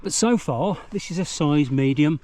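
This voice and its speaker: Out riding countryside trails, a man reviews a mountain bike with chatty, meandering, self-deprecating commentary. His voice is fairly high, expressive, and a little mellow, and he speaks at a moderate pace.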